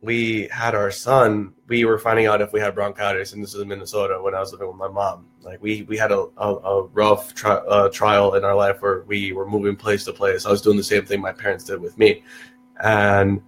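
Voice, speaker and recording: A young man, telling stories in casual chat, full of restarts and acted-out quotes. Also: brisk. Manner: animated, restarts often, acts out quotes in a higher voice. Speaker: podcast guest.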